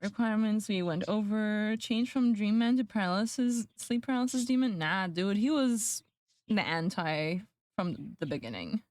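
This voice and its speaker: A woman's voice: mid-range voice, lively intonation, normal speed, a little mellow, no echo. A woman streamer chatting casually with her viewers, laughing often and mocking herself. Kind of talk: casual livestream chat.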